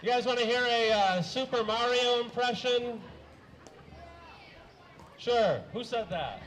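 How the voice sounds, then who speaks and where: High-voiced deadpan stand-up comic. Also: male voice, rough recording. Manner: halting, deadpan delivery with frequent uhs and throat clearing. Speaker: stand-up comedian. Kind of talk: deadpan stand-up set of one-liners.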